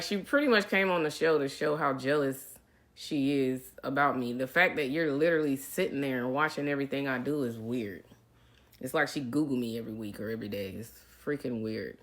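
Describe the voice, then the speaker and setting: A middle-aged woman in casual livestream chat. She reads out viewer comments and answers them in a chatty way, calling her viewers y'all. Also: low voice. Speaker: reality TV personality answering live viewer comments.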